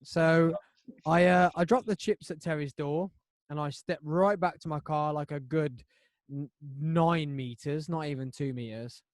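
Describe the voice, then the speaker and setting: A man hosting a podcast, telling a story in a rambling, animated way with lots of restarts. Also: fairly high pitch, unhurried, dry recording, studio quality. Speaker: podcast host. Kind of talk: casual chat.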